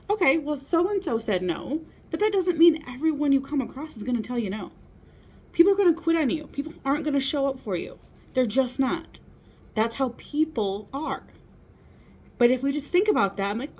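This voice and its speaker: Her voice is a little high, sing-song and slightly rough, moving at a moderate pace. She's a motivational speaker in her thirties giving a casual, earnest, encouraging talk, repeatedly checking in with a rhetorical "right?"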